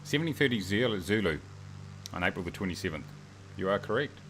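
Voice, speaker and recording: A man's voice: low voice, expressive, quick pace, fairly bright tone, slight background noise. A New Zealand man livestreaming a flight sim, chatting in a rambling, joking, self-mocking way. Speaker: streamer. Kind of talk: casual livestream chat while flying a sim.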